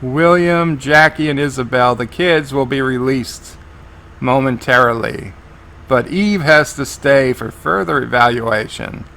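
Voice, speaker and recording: A man talks through a TV episode as he watches it, describing each scene as it plays out. His voice is bright and forceful at an ordinary middle pitch. He often stops and restarts his sentences while he keeps up with the action. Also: measured pace, vocal fry. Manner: narrates scenes as they play, with frequent restarts. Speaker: TV episode reviewer. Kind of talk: live reaction commentary.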